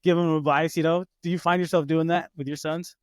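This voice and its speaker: A man in his thirties hosting a casual podcast interview, lively and quick to act out his kids' voices. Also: a little high, dry recording, studio quality. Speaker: podcast host.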